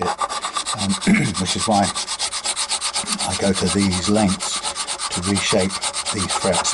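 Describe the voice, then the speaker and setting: Low-voiced man chatting over loud filing. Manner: chatty, thinking aloud with many restarts and fillers. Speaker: guitar repair technician. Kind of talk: casual workshop demonstration. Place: workshop bench. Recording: loud workshop filing noise. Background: file rasping and sanding on metal frets.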